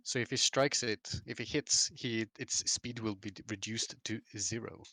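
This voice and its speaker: A man with a fairly low voice plays a character in a streamed tabletop game. He is relaxed and chuckles often as he narrates his fighter's attacks. His voice sounds dry and close, with no room echo. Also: normal speed. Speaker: player. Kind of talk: casual tabletop play on stream.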